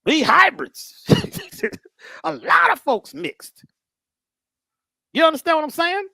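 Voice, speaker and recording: A woman giving a casual, storytelling lecture, with a lively voice that rises and falls widely. She talks to the listener directly and slips into funny character voices. The sound is dry and close. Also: extremely high pitch, slow, gravelly, dry recording. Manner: conversational, animated, acts out voices.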